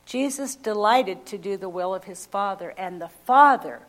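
A woman preaching a sermon, slow and emphatic, repeating key phrases and asking the congregation questions. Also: mid-range voice, expressive.

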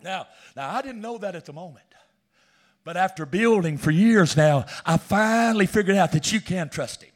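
Preaching man, loud to whispered. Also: high voice, lively intonation, normal speed. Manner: swings from loud shouting to hushed whispers. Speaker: pastor. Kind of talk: sermon testimony. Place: church.

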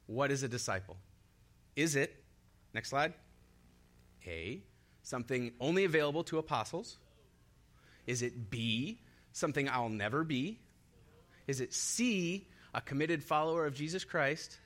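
A man's voice: mid-range voice, expressive, unhurried, long pauses, fairly bright tone. A young man preaching a sermon in an upbeat way, laughing often and leading the congregation in call-and-response. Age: young adult.

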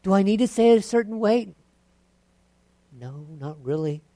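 A preacher delivers a sermon in a relaxed, conversational way, poking fun at their own habits. The voice sits mid-range and sounds close and dry, with no room echo. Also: medium pitch, normal speed. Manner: conversational, self-deprecating, mimics prayers.

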